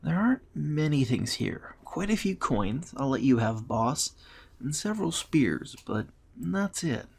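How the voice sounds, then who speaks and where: A man's voice: fairly high pitch, big pitch swings, measured pace, gravelly, background noise, voice pushed up, heavily acted. A man voicing a blunt female warrior who reports her finds in an offhand, matter-of-fact way.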